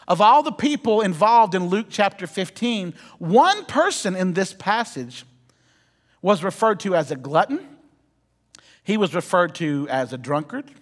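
A pastor preaching in a church, his voice pitched high for a man. He tells stories with humor and speaks to the congregation directly. The sound carries a long church-hall reverb. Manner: storytelling, humorous asides to the congregation. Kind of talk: sermon. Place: church sanctuary.

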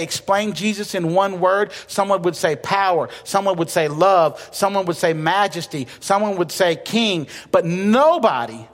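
A male pastor delivers a sermon in an easy, conversational manner, with light jokes and points he hammers home by repeating them. His voice sits a little high for a man. The long reverb of a church sanctuary hangs around every phrase. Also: a bit bright. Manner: conversational preaching with humor and emphatic repetition.

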